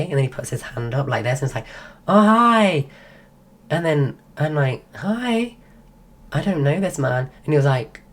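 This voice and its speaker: A woman with a strikingly deep voice tells a long, rambling story on a stream, full of "like" and false starts. She is sick and her voice is going. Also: a little mellow. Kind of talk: casual storytelling.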